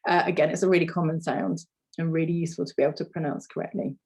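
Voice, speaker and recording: Woman, teacher, patient explanations, slightly low pitch. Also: fairly even intonation, very fast, darkish tone, breathy edge. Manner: explains patiently, models sounds for repetition. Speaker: language teacher. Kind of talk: phonics lesson.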